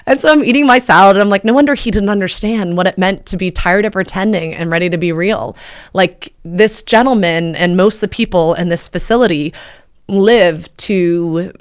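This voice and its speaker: A woman's voice: normal speed, smooth. Chatty woman podcast host telling a story. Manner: chatty, animated, acts out quoted dialogue with pitch jumps. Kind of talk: casual storytelling.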